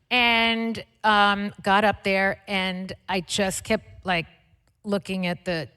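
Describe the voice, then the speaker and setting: A woman guest telling stories in a chatty, excitable way with lots of fillers, speaking onstage at a live conversation event. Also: medium pitch, unhurried, clear, resonant tone. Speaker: interview guest, singer. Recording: long hall reverb.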